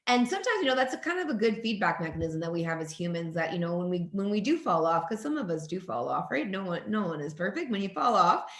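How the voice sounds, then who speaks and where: A woman's voice: lowish voice, very animated, fast, few pauses. Talkative woman in her forties, echoey room. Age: 40s. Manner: enthusiastic, talkative, frequent restarts and laughs. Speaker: naturopathic doctor guest. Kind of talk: conversational interview.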